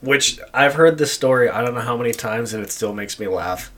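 A man hosting a casual podcast, retelling family stories in an animated way. He laughs as he goes and acts out what others said. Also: medium pitch, brisk. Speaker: podcast host. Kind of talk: casual chat.

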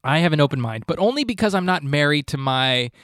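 A male comedian hosting a podcast, with a voice that sits a bit high and a deadpan, falsely earnest delivery. He rambles, trips over his words and restarts before landing each joke. The sound is close and dry, with no room around it. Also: fast talker, clean tone, dry recording. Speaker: podcast host. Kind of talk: comedic monologue.

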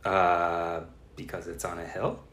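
A man's voice: deep voice, level tone, a little slow, a bit bright. A man co-hosting a travel podcast in casual chat, self-deprecating and laughing often. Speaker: podcast co-host. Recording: roomy echo.

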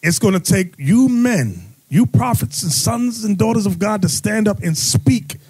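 Man, bible study preacher, sing-song emphatic delivery, husky, dry close sound. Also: high-pitched, lively intonation, measured pace, darkish tone, no echo. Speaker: church teacher.

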